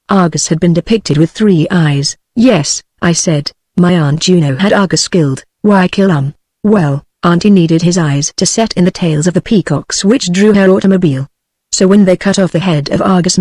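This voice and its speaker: A text-to-speech woman's voice with a British English accent, reading a novel aloud in an even, steady way. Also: lowish voice, normal speed, no room sound. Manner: even, steady synthetic reading with no change between characters. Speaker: narrator. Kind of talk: text-to-speech audiobook narration.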